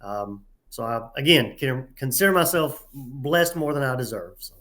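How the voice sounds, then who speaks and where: A man with a Southern drawl, a referee guest telling stories in an interview, halting with many filler sounds and a folksy, self-deprecating manner. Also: mid-range voice, expressive, fairly bright tone. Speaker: head tournament referee, guest. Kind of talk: casual interview storytelling.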